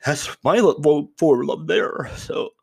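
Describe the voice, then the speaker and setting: Brief: male podcast host, unscripted musing, halting restarts, emotional tremble, dry close sound. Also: on the high side, expressive, creaky, breathy edge, no echo. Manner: reflective, rambling with restarts and repeated words. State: choked up, voice trembling.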